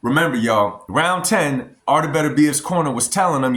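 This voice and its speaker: A man's voice: on the high side, lively intonation, normal speed, a bit bright, reverberant. An American man giving a casual, emphatic opinion vlog as a boxing commentator, often addressing his viewers as y'all. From United States.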